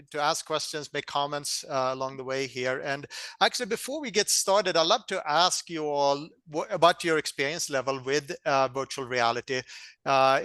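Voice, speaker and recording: Bright-voiced Swedish man presenting a webinar. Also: a little high, smooth, no echo. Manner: relaxed, joking, hesitant with many pauses. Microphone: video call.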